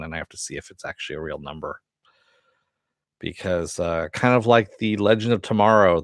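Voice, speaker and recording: Laid-back low-voiced man reviewing a cartoon. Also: fairly bright tone, no echo, clean studio sound. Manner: rambling, lots of fillers and frequent laughs; profane and enthusiastic. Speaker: host reviewing an animated series. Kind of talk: casual spoken review.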